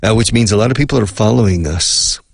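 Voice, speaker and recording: An older man hosting a radio English lesson, talking slowly and patiently repeating phrases. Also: lowish voice, vocal fry, no room sound, clean studio sound. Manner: slow, repetitive, explains and repeats phrases patiently. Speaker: radio host and English teacher.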